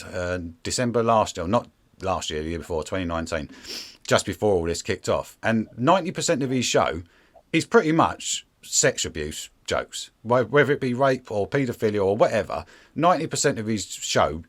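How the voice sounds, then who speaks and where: A man hosting a casual interview, chatty and rambling, often dropping to a mutter. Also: lowish voice. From Britain. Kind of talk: casual conversation.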